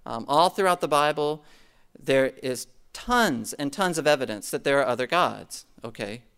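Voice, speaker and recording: A man's voice: medium pitch, animated, moderate pace, a bit bright, clear, resonant tone. Man preaching a conversational sermon. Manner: conversational, frequent "okay?" check-ins, asides to the congregation. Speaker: pastor. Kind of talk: sermon teaching from scripture.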